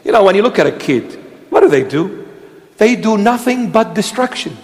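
Bishop guy preaching, high voice, punchy short commands, big reverb. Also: sing-song, normal speed. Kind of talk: sermon.

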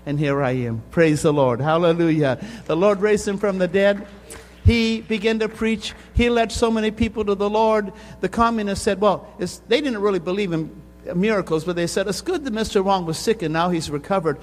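A man's voice: high voice, fairly quick. An older man preaching a sermon at a conference, telling a story that builds to intense emphasis. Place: conference hall. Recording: reverberant hall with faint hum.

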